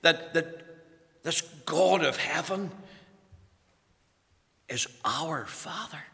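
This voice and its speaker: A man's voice: on the high side, drawn-out words, gravelly, sharp tone. A man preaching a sermon, fervent and rising to urgent emphasis. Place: church. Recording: long church reverb.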